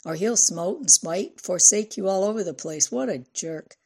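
A woman's voice: medium pitch, moderate pace, warm tone, husky. A woman doing a sarcastic rebellious teen girl. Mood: taunting. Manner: sarcastic, taunting. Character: defiant teenage girl, mocking and rebellious.

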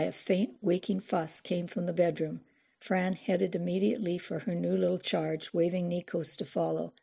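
A woman narrates a novel in a steady, even manner. Her voice sits low, husky and mellow. It is an audiobook reading. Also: moderate pace.

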